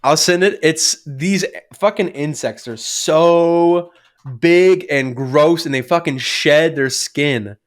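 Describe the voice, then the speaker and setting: Young dude, kinda high voice, animated cussy storytelling. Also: male voice, slow. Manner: animated, sweary, acts out family members in shrill voices. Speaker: podcast co-host. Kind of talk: casual chat.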